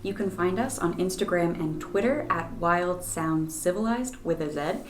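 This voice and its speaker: Canadian woman co-host, relaxed and matter-of-fact, slightly low voice. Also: moderate pace, a little hiss or hum. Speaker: podcast co-host. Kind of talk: casual chat.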